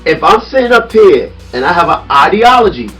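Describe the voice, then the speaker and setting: Animated man hosting a podcast. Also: high voice, fairly quick, recorded from a distance, soft background music, low-quality recording. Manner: animated, laughs often, builds arguments with questions. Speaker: podcast host. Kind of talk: casual podcast chat. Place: studio room with a small audience.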